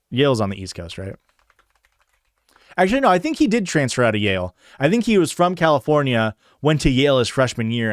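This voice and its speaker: A man's voice: mid-range voice, no room sound, studio quality. A young man from northern Illinois with a Chicago-area Midwestern accent, chatting casually on a livestream, rambling with lots of fillers and swearing. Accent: Chicago-area Midwestern American. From northern Illinois, USA. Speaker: streamer. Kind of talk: casual chat answering chat. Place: home streaming setup.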